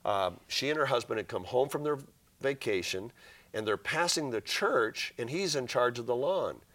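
A man's voice: mid-range voice, animated, moderate pace, a bit bright. A man, a guest author on a Christian interview program, telling a story in an earnest way and reading scripture passages aloud with feeling.

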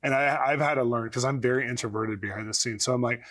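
A man speaks fast and animatedly as a guest on a faith talk show. He tells personal stories and acts out his own inner voice, at a middling pitch. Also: steady tone, a bit bright. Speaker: guest, prophet. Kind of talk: storytelling in a talk-show interview.

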